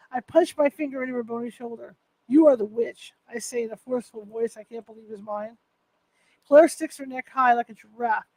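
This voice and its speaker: A woman's voice: on the high side, a little mellow, dry recording, rough recording. A woman reading a first-person novel aloud, unpolished, with restarts and self-corrections. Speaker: author reading her novel.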